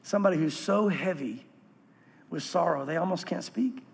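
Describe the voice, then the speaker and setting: Earnest high-voiced man preaching in a hall. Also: moderate pace, creaky, husky. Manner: earnest, swings from animated to hushed. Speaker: pastor. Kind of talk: sermon.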